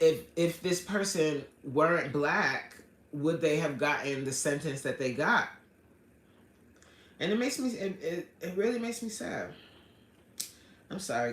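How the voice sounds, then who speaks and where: Earnest, bright-voiced coach in an echoey room. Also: male voice, a little high. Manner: earnest and heartfelt, apologizes often, frequent restarts. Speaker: fitness coach and livestream host. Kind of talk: casual livestream chat reading viewer comments.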